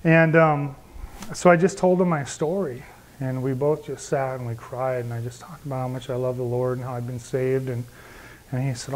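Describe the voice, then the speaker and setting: A man in his thirties, an evangelist, earnestly giving his personal testimony to a group, often dropping to quieter confessional asides. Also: mid-range voice, level tone, fairly quick, slight background noise.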